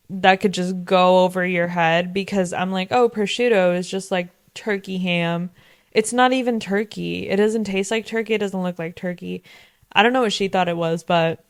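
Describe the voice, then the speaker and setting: A woman's voice: mid-range voice, no room sound. A young woman in her twenties casually recapping a TV episode, chatty and full of fillers, swearing freely. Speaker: vlogger.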